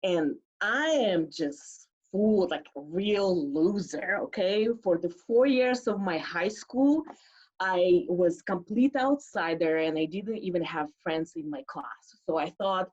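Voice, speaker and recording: A woman's voice: on the low side, lively intonation, measured pace, a little mellow, dull audio. A woman telling a personal story live, chatty and full of "like", acting out the people she quotes.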